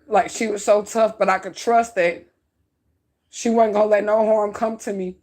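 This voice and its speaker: Woman, tearful storytime monologue, blunt and profane, mid-pitched voice. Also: fairly even intonation, normal speed, darkish tone. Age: adult. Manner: raw, outspoken, profane, tearful at times. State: crying. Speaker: spiritual reader talking to her followers.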